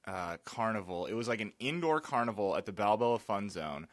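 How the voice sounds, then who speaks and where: A man's voice: lowish voice, expressive, normal speed, no room sound, clean studio sound. A man chatting casually on a podcast, laid-back and hesitant, with lots of fillers. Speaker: podcast regular. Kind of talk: casual chat.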